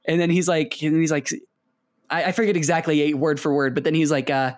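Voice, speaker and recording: A man's voice: a little high, fairly quick, no room sound. A young man casually telling a long story to a friend, acting out the people in it. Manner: animated storyteller, acts out quotes.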